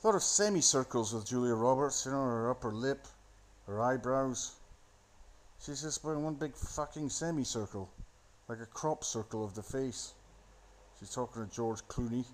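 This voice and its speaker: A man's voice: mid-range voice, moderate pace, a little hiss or hum. A man rambling into a phone, giving a sardonic, profane running commentary on a film. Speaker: solo commentator.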